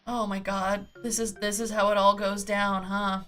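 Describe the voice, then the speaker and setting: A woman's voice: mid-range voice, flat delivery, moderate pace, fairly bright tone, soft background music. A woman streaming a cozy farming game, chatting to herself in a goofy way, humming and scatting as she sorts her items. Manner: goofy, hums and scats to herself while sorting items. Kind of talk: casual gameplay chatter. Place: home streaming setup.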